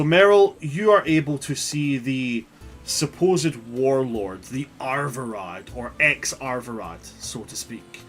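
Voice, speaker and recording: A man running a tabletop game as game master, narrating the scene with lively, joking delivery. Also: medium pitch. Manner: animated, laughs at his own jokes.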